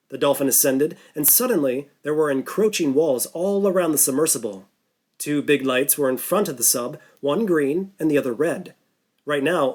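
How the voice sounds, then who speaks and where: A man reading a thriller audiobook in a steady, even narration. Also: on the high side. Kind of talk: scripted narration.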